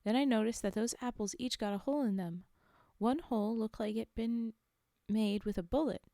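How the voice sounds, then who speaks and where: A woman's voice: fairly high pitch, normal speed, dark tone, no room sound, studio quality. A woman streamer reading a story aloud, breaking off for chatty, laughing asides to her chat.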